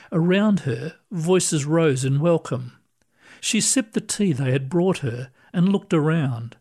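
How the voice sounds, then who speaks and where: A man reading a short story aloud, calm and unhurried. His voice sits a little high, and he lets each sentence settle before the next. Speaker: story reader. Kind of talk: scripted narration.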